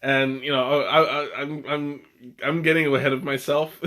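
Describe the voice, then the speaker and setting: Excitable young man rambling about tea. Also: on the high side, unhurried. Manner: rambling, many restarts and fillers; excitable, laughs often. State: has the hiccups. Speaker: tea stream host. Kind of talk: casual live-stream chat.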